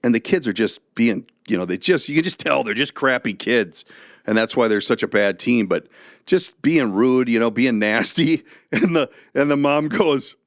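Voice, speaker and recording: Middle-aged male co-host, lively chatty storyteller, laughs a lot, mid pitch, dry room. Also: moderate pace, no echo. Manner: animated storyteller, laughs often. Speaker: podcast co-host. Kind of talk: casual chat.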